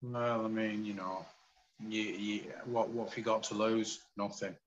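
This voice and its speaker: A man in his forties from the UK, a podcast guest telling his story in candid, animated casual conversation. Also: on the low side, unhurried, muffled recording, a little hiss or hum. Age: 40s.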